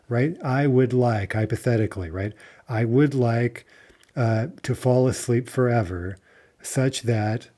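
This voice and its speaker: A man talks through a video lesson in a mellow, middle-pitched voice. He explains step by step, peppering his talk with "uh" and checking in with "right?". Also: measured pace. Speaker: language teacher.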